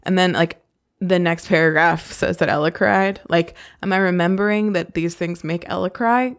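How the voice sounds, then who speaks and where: A woman's voice: on the low side, normal speed. Woman reading a novel aloud, chatty. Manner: gushing, excitable asides. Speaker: podcast host.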